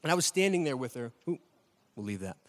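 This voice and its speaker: A man's voice: mid-range voice, quick pace, big-room sound. A man preaching a sermon as pastor, telling stories with energy and putting questions to the congregation. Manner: animated storytelling, asks the crowd questions.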